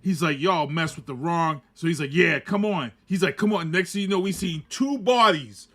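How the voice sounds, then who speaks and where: A man's voice: on the high side, normal speed, a bit bright. A man co-hosting a podcast, chatting casually and animatedly acting out quotes while telling a story. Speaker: podcast co-host. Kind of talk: casual chat.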